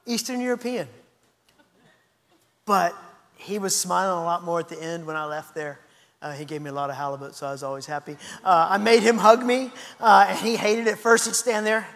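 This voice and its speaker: A man pastor preaching a lively, anecdotal sermon, often restarting his sentences. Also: high-pitched, long reverb tail.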